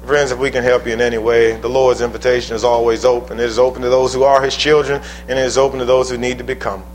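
A man preaching a sermon in a church, with emphatic call-and-response, swinging from loud exclamations to soft pleas. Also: medium pitch, flat delivery, fast, a little hiss or hum, poor audio. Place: church building.

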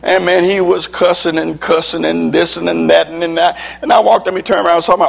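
A man's voice: high-pitched, huge pitch swings, a little slow, vocal fry, slightly rough. A man, a preacher and legislator, giving a motivational speech to an audience with slides, in an emphatic preaching cadence that repeats key lines.

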